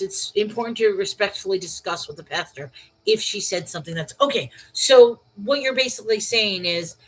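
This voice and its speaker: A woman's voice: mid-range voice, poor audio. A woman hosting a casual livestream about Bible study, reading viewer comments and thinking aloud with fillers and restarts. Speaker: livestream host reading chat.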